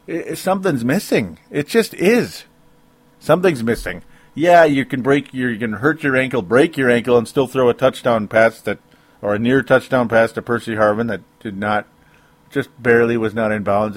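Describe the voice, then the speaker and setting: A man's voice: mid-range voice, normal speed, no echo. A man hosting a sports talk show alone, ranting with emotion, rambling and interrupting himself with small laughs. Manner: rambling, self-interrupting, laughs between points. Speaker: sports talk podcast host. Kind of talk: emotional solo sports rant.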